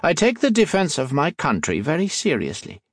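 A man voicing a stern, commanding woman submarine captain with a slight unfamiliar accent, in formal, measured speech. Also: fairly high pitch, huge pitch swings, breathy edge, no echo, clean studio sound, voice pushed up, full character voice.

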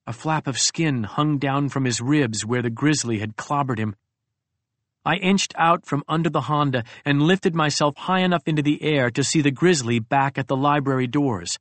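A man's voice: mid-range voice, a bit bright, no room sound. A man reading a first-person audiobook aloud, telling a comic story expressively with big rises and drops in his voice. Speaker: audiobook narrator.

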